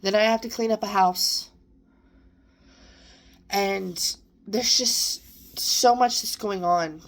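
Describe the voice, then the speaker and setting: A young woman talking earnestly in a personal vlog, sometimes close to tears as she encourages herself and her listeners. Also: medium pitch. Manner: earnest, emotional, self-encouraging. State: near tears at times. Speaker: vlogger. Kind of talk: personal reflective monologue.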